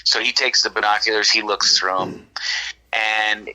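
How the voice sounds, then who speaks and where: A man's voice: on the low side, fairly even intonation, normal speed, sharp tone, poor audio. A man from California telling a long story in a casual, rambling way, full of restarts and "right?" checks. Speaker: podcast guest.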